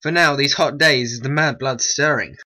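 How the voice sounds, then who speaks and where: A man's voice: mid-range voice, normal speed, sharp tone. A man voicing an urgent young peacekeeper in a homemade stop-motion animation.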